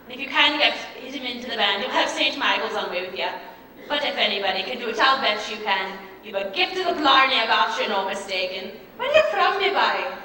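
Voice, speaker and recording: A woman playing a chatty, excitable Irish widowed mother in a stage musical, with an Irish accent. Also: fairly high pitch, brisk. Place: theater stage. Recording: echoey hall, miked from far off.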